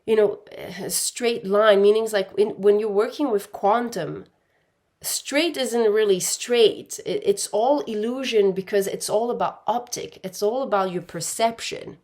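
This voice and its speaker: A woman's voice: mid-range voice, measured pace, a little mellow. A woman giving an intuitive pick-a-pile tarot reading, speaking in a meandering way and calling her viewers "my dear". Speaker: tarot card reader.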